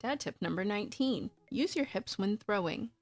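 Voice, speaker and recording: A chatty woman with a raspy, husky voice, streaming a game, talking through it casually and reading the on-screen text aloud. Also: mid-range voice, expressive, normal speed, no room sound, soft background music. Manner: chatty, talkative.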